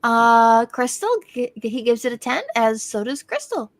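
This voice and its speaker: A woman's voice: fairly high pitch, big pitch swings, a little slow. A giggly woman reading out chat comments on a casual live stream.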